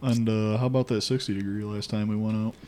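A man's voice: lowish voice, steady tone, quick pace, dark tone. A man co-hosting a casual after-work chat, teasing and joking with his friends.

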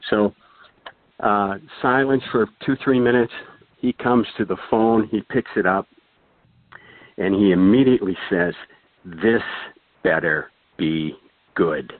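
An older man tells his stories in a loose, rambling way, stopping to restart and adding "uh" and "anyway." His voice sits a little low. The sound is dry and narrow, like it comes over a phone line. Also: a little slow, pauses often, dry recording. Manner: rambling, many fillers and restarts. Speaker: guest storyteller. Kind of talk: casual anecdote telling.

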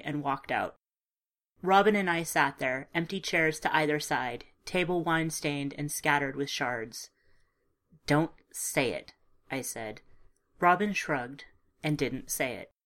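A woman narrating a first-person story in a calm, measured, understated way. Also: deep voice. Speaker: audiobook narrator.

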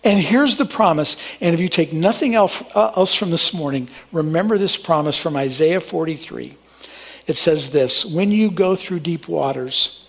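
High-voiced man preaching a sermon. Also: moderate pace. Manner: earnest preaching, reads scripture aloud, refers listeners to an outline. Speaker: pastor.

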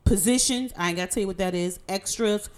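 A middle-aged woman co-hosts a married couple's podcast, chatting playfully and teasing. Her mid-range voice is clear, resonant, and darkish in tone, and she speaks at a quick pace.

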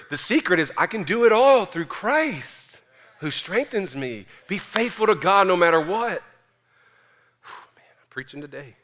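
A man pastor preaching a sermon, emphatic and energetic, mixing in casual slang. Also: sits high.

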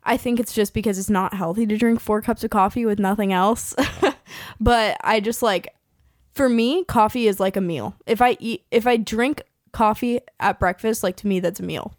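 A young woman from California hosts a podcast, chatting freely with many fillers and easy laughter. Her voice sits at a middle pitch and sounds dry and close, with no room echo. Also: moderate pace. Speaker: podcast host. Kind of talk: casual podcast chat.

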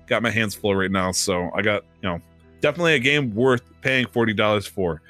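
A man's voice: on the low side, a little fast, bright, forceful tone, soft background music. A man co-hosting a podcast, chatting casually in a rambling way with many fillers and restarts. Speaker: podcast co-host. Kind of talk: casual chat.

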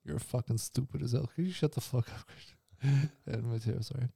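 A male co-host jokes around in an easygoing podcast chat. He laughs a lot, mumbles, and lets his voice sink down quietly. His pitch is middling for a man. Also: steady tone, brisk, creaky, slightly rough. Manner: mumbling, laughs often, drops low.

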